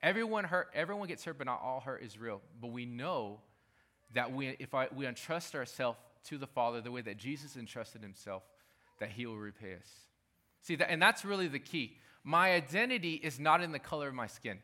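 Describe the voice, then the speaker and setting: A man's voice: mid-range voice, animated, fairly quick, pushed and bright. A man preaching a sermon as pastor, talking emphatically and repeating his key phrases.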